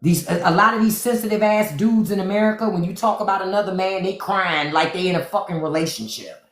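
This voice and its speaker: A woman's voice: mid-range voice, fairly quick, roomy sound. A woman hosting a live stream, ranting about politics to her chat in a profane, sarcastic, mocking way. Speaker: podcast host on a live stream. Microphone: phone.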